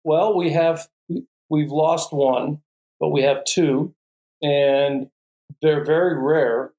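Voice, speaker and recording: A man's voice: on the high side, fairly even intonation, takes it slowly, dark tone. A man, a guest falconer, telling stories in a podcast conversation and often laughing. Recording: roomy echo.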